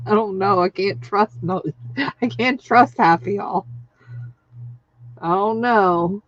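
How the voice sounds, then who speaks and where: Woman livestream host, slow and chatty, excitable, dull dry lo-fi recording. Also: mid-range voice, no room sound. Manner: chatty, excitable, laughs often, reads out viewer names. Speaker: craft channel host. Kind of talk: casual livestream chat.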